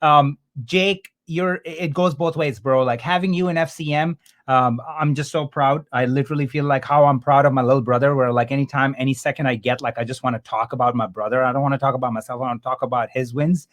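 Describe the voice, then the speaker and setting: A man hosting a casual live video call with students, talking fast and animated with many fillers. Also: medium pitch. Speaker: host and course instructor. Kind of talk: casual livestream chat.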